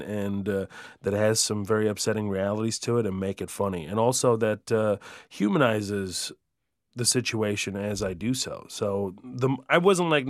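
Man, stand-up comedian being interviewed, lowish voice, lots of fillers, dry close sound. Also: dry recording. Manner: halting, many fillers and restarts, rises when excited. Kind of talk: interview answers.

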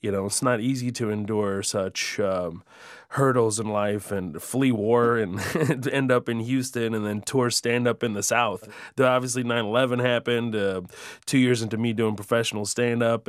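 A male stand-up comedian answering interview questions in a halting way, with many fillers and restarts, rising in pitch when he gets excited. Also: no echo, studio quality.

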